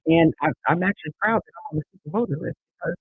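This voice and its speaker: A woman's voice: deep voice, rapid-fire, slightly rough, dry recording. A woman in her fifties from Erie, Pennsylvania, answering interview questions earnestly and repeating key phrases for emphasis. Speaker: judicial candidate guest. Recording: tinny dry online call audio.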